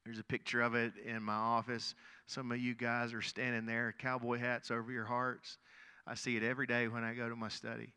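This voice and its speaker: Delivering a sermon briskly and in a monotone, a middle-aged pastor tells a story earnestly and conversationally, often saying words twice. His medium-pitched voice is clear and resonant with a bright, forward edge, echoing through the long reverb of a big church hall.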